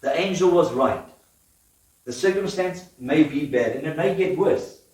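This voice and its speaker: A man's voice: fairly high pitch, animated, a little slow, darkish tone, recorded from a distance. A man preaching a sermon in a church, telling stories with laughter and questions to the congregation. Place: church hall. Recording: echoey church hall from afar.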